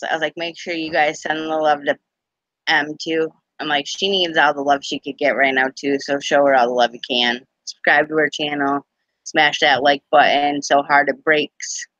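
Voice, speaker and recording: Bright, giggly woman hosting a live chat. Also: low-pitched, no room sound, dull audio. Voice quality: giggly, rambling, lots of "like". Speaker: live stream host.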